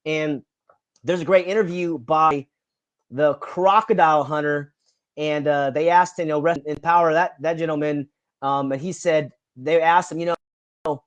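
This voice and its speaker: A man with a fairly high voice speaks as a guest on a podcast. His talk is earnest and passionate, rambling from one idea to the next in a casual, conversational way. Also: fairly even intonation, unhurried, clear, resonant tone, no echo, highs cut off.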